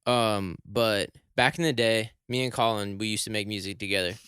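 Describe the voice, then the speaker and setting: A young man tells a story in a relaxed chat, his bright, crisp voice climbing higher and louder as the tale turns to shock. The sound is close and dry, with no room in it. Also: normal speed, no room sound. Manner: animated, rises high and loud when shocked. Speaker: podcast co-host.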